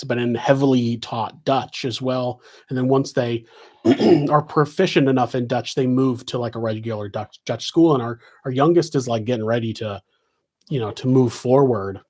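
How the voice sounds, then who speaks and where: A middle-aged man rambling through a casual live Q&A from his home office. His pitch sits in an ordinary middle range. He drifts from point to point with frequent restarts and asides. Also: darkish tone. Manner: loose and meandering, many restarts. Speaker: host answering viewer questions.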